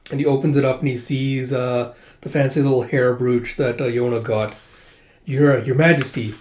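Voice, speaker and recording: A man with a mellow, dark voice talks his way through a manga volume. He reads the characters' lines aloud with sudden jumps in energy, filling the gaps with lots of "like" and "uh". The sound has a roomy echo around it. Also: mid-range voice, moderate pace. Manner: animated, voices characters in bursts, many fillers. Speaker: manga reader. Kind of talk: casual manga readthrough, reading lines aloud.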